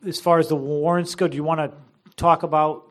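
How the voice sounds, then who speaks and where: Flat higher-voiced moderator from afar. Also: male voice. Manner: polite, halting redirect. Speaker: meeting moderator.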